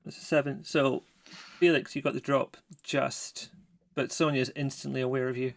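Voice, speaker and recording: A man's voice: medium pitch, level tone, moderate pace, gravelly. A man acting as game master, explaining the rules and narrating in a casual, hesitant way. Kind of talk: running a tabletop game.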